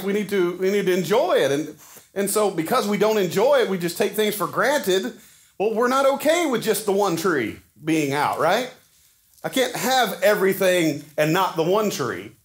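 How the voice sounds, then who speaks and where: A man's voice: high voice, expressive, normal speed. A man, preaching a sermon to his church in a folksy, conversational way with frequent restarts. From Arkansas. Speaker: pastor. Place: church sanctuary.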